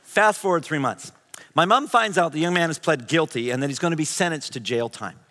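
Bright-voiced middle-aged man preaching in a reverberant hall. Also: a little high, fairly quick. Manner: animated, shifts to hushed whispers. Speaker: pastor. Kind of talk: sermon storytelling.

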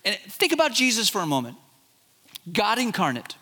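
A man preaching a sermon, animated and conversational, acting out Bible characters as he retells the story. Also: sits high, normal speed, in a large hall. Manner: animated, acts out Bible characters in quoted voices. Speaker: pastor.

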